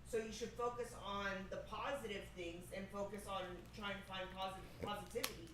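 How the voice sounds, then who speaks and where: A woman's voice: mid-range voice, steady tone, brisk, fairly bright tone. A woman co-hosting a casual chat, earnestly explaining what she has read. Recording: distant mic in an echoey room with noise.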